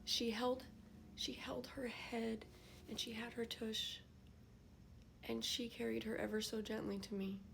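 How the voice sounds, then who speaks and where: An older woman, a grandmother, telling a personal story to camera in an emotional, reflective way, often dropping into soft whispers. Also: on the high side, level tone, unhurried, creaky, long pauses, a little hiss or hum. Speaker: vlogger.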